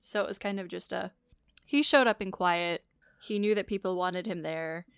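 A woman's voice: on the low side, normal speed, creaky, smooth, no echo, clean studio sound. A woman co-hosting a podcast in casual chat, bubbly and talkative, swearing casually. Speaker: podcast co-host.

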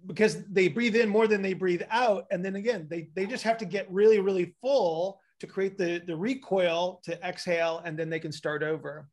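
A man's voice: high voice, fairly even intonation, normal speed, hardly any pauses, a little mellow. A man talking casually, patiently explaining breathing patterns and acting out sighs to show them. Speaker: breathing expert. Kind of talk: casual advice conversation.

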